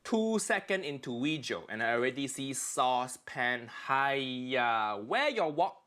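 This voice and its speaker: A man's voice: medium pitch, sing-song, unhurried, sharp tone. A man doing a bossy, scolding Malaysian uncle with a thick accent and clipped broken English. He sounds exaggerated and indignant as he rants at his audience in a comedy video. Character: Uncle Roger, bossy middle-aged Malaysian uncle comedy character.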